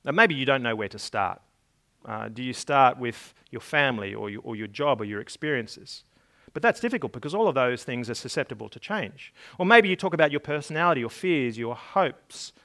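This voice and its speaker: A man's voice: medium pitch, animated, fairly quick, sharp tone. A man preaching a sermon, earnest and emphatic, reading scripture aloud and repeating words as he builds his points. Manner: reads scripture and stories aloud.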